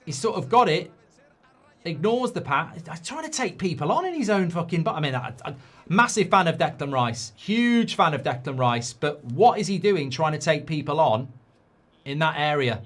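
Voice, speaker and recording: Man, watchalong host, live match reactions, forceful bright voice, slightly high pitch. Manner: excitable, swings from muttering to shouting.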